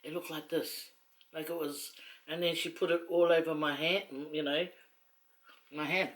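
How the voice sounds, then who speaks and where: A woman's voice: low voice, fairly even intonation, normal speed. A middle-aged woman with a Samoan accent, telling stories casually to the camera in a rambling, teasing way, laughing often. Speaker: mukbang vlogger. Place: indoors at home, seated on a long chair.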